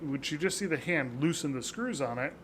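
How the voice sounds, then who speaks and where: A man's voice: fairly high pitch, animated, brisk, a bit bright, slight background noise. A man co-hosting a casual podcast, rambling with lots of fillers and frequent laughter. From North America. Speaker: podcast co-host.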